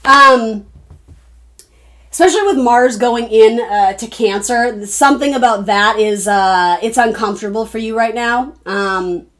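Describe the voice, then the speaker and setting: A fairly high-pitched young woman talks her way through a tarot reading for her viewers. Her delivery is loose and chatty, full of restarts and asides as she thinks aloud. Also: measured pace, fairly bright tone. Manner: rambling, chatty, self-interrupting. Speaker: tarot reader. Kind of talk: casual spoken tarot reading.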